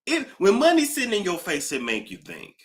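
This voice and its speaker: Chatty male livestream host with a bright, forward voice; animated and talkative. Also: sits high, a little fast. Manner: animated, chatty, reading out donor thanks. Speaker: YouTube gossip host. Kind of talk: casual livestream chat.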